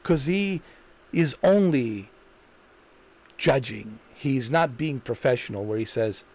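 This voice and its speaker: A man's voice: mid-range voice, lively intonation, slow pace, darkish tone. A man hosting a commentary video, ranting in an indignant, repetitive way and hammering the same points. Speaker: commentary channel host.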